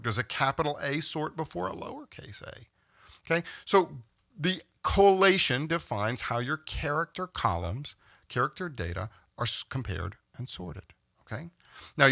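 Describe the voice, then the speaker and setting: Bright-voiced man teaching a software lesson. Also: mid-range voice, gravelly, no echo, studio quality. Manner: explains step by step, often checks in with "okay?". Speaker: instructor. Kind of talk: screen-recorded software tutorial.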